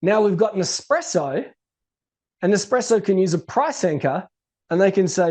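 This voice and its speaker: Animated man teaching business. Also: high-pitched, normal speed. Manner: animated storytelling, acts out quoted people. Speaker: business educator. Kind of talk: casual teaching to camera.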